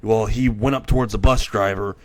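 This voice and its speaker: A man voicing a male paramedic who explains things in a flat, factual way. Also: fairly low pitch, brisk, dry recording, lightly acted. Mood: matter-of-fact. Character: matter-of-fact male paramedic.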